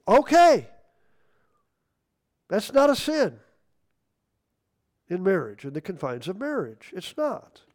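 A man with a notably high voice delivers a sermon at an unhurried, drawn-out pace. He leans hard on key words, then drops into soft asides between the readings. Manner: emphatic, swinging between loud stresses and quiet asides. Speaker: preacher.

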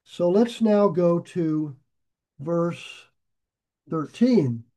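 A man teaches a verse-by-verse Bible study, reading scripture aloud and breaking into chatty asides. He gets excited easily and raises his voice. His voice is high-pitched and he speaks extremely slowly.

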